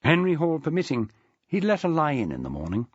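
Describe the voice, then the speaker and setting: Husky-voiced man narrating an audiobook. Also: a little high, wildly swooping pitch, brisk, dry recording, dull audio. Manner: dry, wry storytelling. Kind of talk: scripted narration.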